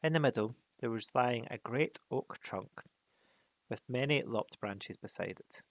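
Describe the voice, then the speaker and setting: A man reading a novel aloud in an unhurried way, pausing for casual asides. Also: mid-range voice, no echo. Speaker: reader.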